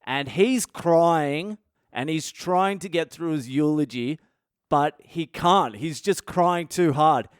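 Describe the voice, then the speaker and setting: A man's voice: a little high, slow, clear, resonant tone, no echo. Male podcast host, swears freely and laughs through his story, close dry sound. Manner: profane, candid, laughs at his own story. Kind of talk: casual storytelling monologue.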